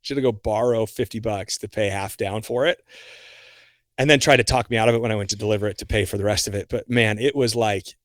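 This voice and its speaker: A young man, a guest on a podcast, telling a story in a casual, animated way. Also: lowish voice, quick pace, no echo, clean studio sound. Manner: animated, acts out his own reactions.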